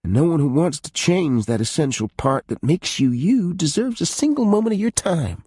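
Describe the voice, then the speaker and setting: A gentle, tactful young woman, as a male narrator puts her on, reassuring in a raised, breathy voice. Her pitch moves with a lively lilt, and the sound is close and dry. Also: moderate pace, dry recording. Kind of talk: audiobook character voice.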